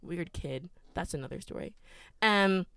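A woman's voice: lowish voice, unhurried, creaky, fairly bright tone, smooth, no room sound. A young woman co-hosting a podcast, telling a travel story in a chatty way with lots of "like". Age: young adult. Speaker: podcast co-host. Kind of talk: casual chat.

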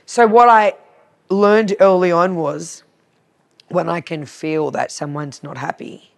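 A woman's voice: fairly low pitch, fairly even intonation, takes it slowly, vocal fry. An Australian woman guesting on a podcast, telling stories from her cleaning business and acting out both sides of each conversation. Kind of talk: casual storytelling interview.

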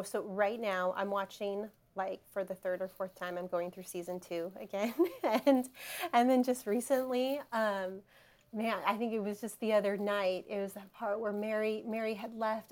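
A woman's voice: mid-range voice, a little mellow. A woman co-hosting an interview, chatting in a heartfelt way and telling personal stories about her family. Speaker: guest co-host. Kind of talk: conversational interview.

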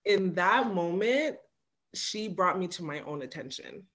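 Animated woman guest telling stories. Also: fairly low pitch, a little slow. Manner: animated, expressive, frequent fillers. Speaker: podcast guest. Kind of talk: candid conversational storytelling.

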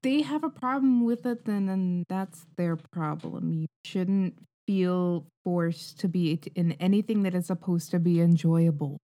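Woman with a mellow voice giving frank advice. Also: on the low side, measured pace, few pauses. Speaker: podcast co-host giving advice. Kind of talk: casual group chat.

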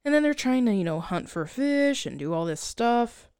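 A woman's voice: a little high, big pitch swings, moderate pace, darkish tone, clean tone, no room sound, clean studio sound. A woman co-hosting a podcast, rambling through a film's plot in casual chat. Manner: rambling, chatty plot recap with frequent laughs. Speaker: podcast co-host.

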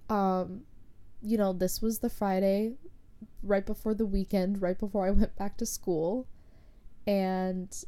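A woman's voice: medium pitch, mellow. A young woman casually telling a personal story, rambling with lots of filler words. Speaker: podcast host.

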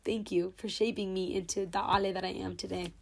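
Young woman podcaster, emotional thank-you talk, kinda teary but holding it together, mid pitch. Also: little pitch movement, fairly quick, gravelly, darkish tone. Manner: sentimental, tearful but holding back. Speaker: podcast host. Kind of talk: heartfelt podcast monologue. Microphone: own camera.

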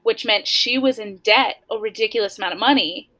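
A woman's voice: on the high side, a little fast, pushed and bright, low-quality recording. A young adult woman, a podcast guest, telling a personal story in a candid way, with lots of "like" fillers.

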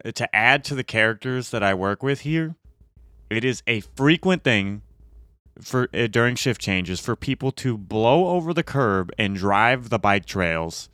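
A man with a lowish, bright and smooth voice, talking in a relaxed podcast chat. He tells workplace stories and laughs easily. The sound is dry and close. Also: unhurried, dry recording. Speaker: podcast co-host. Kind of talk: casual chat.

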